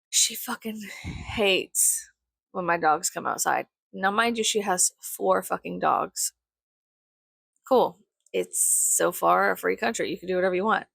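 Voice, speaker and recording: A young woman rants about her grievances in a profane, sarcastic, exasperated tone. Her mid-pitched voice has a gravelly vocal fry. The sound is close and dry, with no room echo. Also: a bit bright. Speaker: vlogger. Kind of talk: ranting casual monologue.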